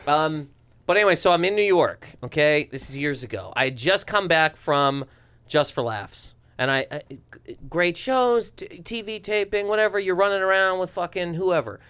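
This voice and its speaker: A man from eastern Canada, a comedian telling a story in casual chat, animated and acting out voices. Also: on the high side, moderate pace, smooth. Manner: animated, swearing, acts out voices. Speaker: comedian guest.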